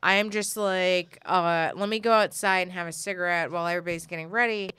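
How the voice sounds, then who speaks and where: Brief: young New woman, lively swearing storyteller, dry close sound. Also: fairly low pitch, fast, clear, resonant tone, dry recording. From New York, the Bronx. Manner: animated storyteller, acts out other people's lines, swears freely. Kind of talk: casual storytelling chat.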